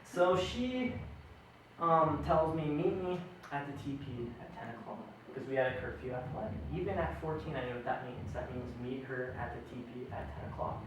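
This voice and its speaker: A young man doing a stand-up story, animated and self-mocking, acting out the other people in it. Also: mid-range voice, normal speed, background noise. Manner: animated, self-mocking, acts out quoted voices. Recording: very echoey room, mic far off.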